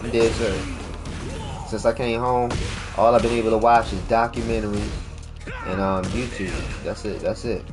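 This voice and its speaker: A man's voice: fairly low pitch, fairly even intonation, normal speed. A man chatting casually and profanely while streaming a fighting game, rambling and joking around. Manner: laid-back, rambling, profane, slips into goofy freestyle rhymes. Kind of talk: casual gaming stream chat. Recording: game music playing loudly underneath. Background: game music.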